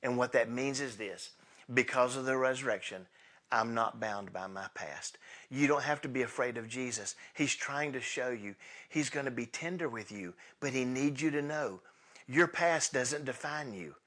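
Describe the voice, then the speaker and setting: Animated, storytelling male preacher. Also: mid-range voice, moderate pace. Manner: animated storyteller, swinging from loud to hushed; casual, conversational retelling. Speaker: pastor. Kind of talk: sermon.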